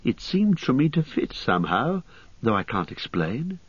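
A gentle young hobbit who speaks softly and a little hesitantly, as a male audiobook reader puts him on. The storybook recording is dry and slightly dull. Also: mid-range voice, very animated, moderate pace, slightly rough, no room sound. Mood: thoughtful.

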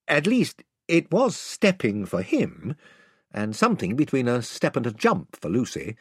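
Guy reading a kids' book aloud, voice bounces all over the place, husky and dry. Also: no room sound. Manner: highly animated storytelling. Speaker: audiobook narrator. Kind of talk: expressive reading of a children's novel.

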